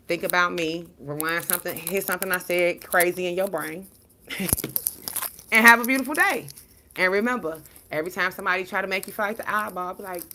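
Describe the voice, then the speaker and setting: A woman vlogger talking straight to her viewers about healing, blunt and profane, swinging between loud bursts and quiet murmurs. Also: on the low side, background noise. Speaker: spiritual vlogger and card reader. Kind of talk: casual, heartfelt monologue to viewers.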